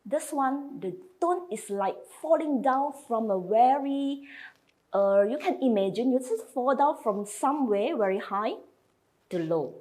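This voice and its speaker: A woman's voice: on the high side, expressive, unhurried, a little mellow. A woman teaching a slide lesson, patiently modelling each sound and repeating it for learners. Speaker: language teacher.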